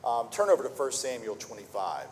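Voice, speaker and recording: A man's voice: medium pitch, wildly swooping pitch, fairly quick, slight background noise. A man preaching a sermon, earnest and full of rhetorical questions, often repeating words as he restarts a thought. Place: church sanctuary. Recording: long reverb of a church hall.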